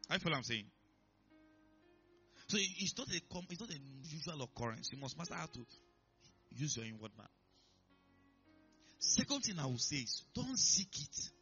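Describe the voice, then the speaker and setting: A man's voice: a little high, big pitch swings, moderate pace, long pauses, sharp tone, lo-fi sound, faint music behind. A man preaching a sermon in church, emphatic and repetitive, often asking if listeners are following. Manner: emphatic, repeats himself, checks in with listeners. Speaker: pastor.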